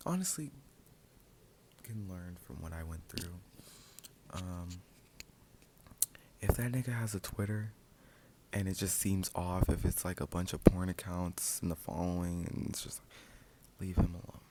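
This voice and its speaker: Young guy doing whispered role-play asmr, soft and low, swears a lot, flares up loud sometimes. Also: measured pace, long pauses, background noise. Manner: soft-spoken, half-whispered, rising to loud outbursts; casual, profane storytelling. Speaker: ASMR storyteller.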